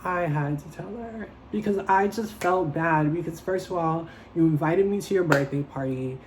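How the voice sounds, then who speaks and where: A young man telling a storytime tale in a casual, animated, dramatic way, swearing freely. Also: fairly high pitch, moderate pace, slight background noise, low-quality recording. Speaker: vlogger.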